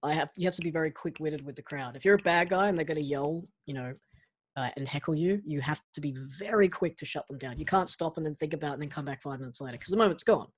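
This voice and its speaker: A man being interviewed as a guest, telling stories in a lively way and often restarting his sentences. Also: fairly high pitch, fast talker. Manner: animated anecdote-telling with frequent restarts. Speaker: guest, actor and pro wrestler. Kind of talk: casual interview storytelling.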